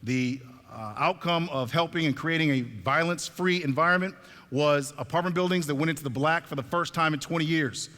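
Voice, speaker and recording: A man giving a stage talk, telling a story in an animated way and acting out the dialogue, in a reverberant hall. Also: on the high side, brisk. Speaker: speaker at a talk.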